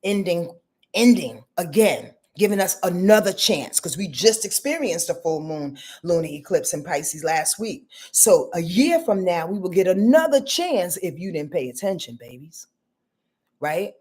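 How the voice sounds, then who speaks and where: A woman's voice: fairly low pitch, sing-song, measured pace, darkish tone, breathy edge. A woman hosting a live-stream astrology reading, blunt and profane, addressing viewers directly as y'all and boo-boo. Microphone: webcam or phone on a live stream.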